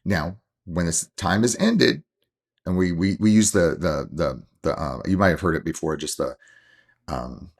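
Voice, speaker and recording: Low gravelly man, husky voice. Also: lively intonation, unhurried. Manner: earnest, heartfelt, rambling with restarts. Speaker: coach and father, podcast guest. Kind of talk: casual interview conversation.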